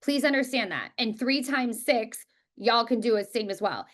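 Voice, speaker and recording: A woman teaching a real estate class, talking quickly and emphatically and repeating words for stress. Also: fairly high pitch, lively intonation. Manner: talks quickly. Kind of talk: live class presentation.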